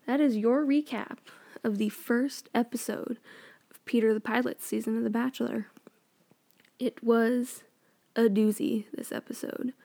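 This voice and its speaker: A woman's voice: a little high, steady tone, measured pace, creaky, mellow. A young woman chatting casually and sarcastically as a vlogger recapping a TV show, full of opinions. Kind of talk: casual chat.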